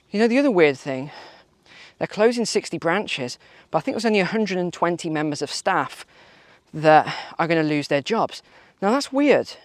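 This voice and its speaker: A man's voice: high voice, expressive, normal speed, dry recording. A man hosting a walking vlog outdoors, talking in a sarcastic, mocking way. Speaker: vlog host. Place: outdoors on a walk.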